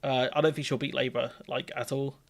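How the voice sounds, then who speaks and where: A man talks politics in a loose, opinionated way on a live stream. His voice has a gravelly edge, and it sits at an ordinary middle pitch. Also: a little fast, a crowd in the background. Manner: relaxed, opinionated commentary. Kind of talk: casual political chat.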